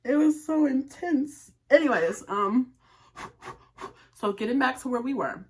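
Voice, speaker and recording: A woman's voice: high voice, measured pace. A young woman vlogger telling a rambling story-time tale to her viewers, full of "like" and asides. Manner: rambling and animated, heavy use of "like".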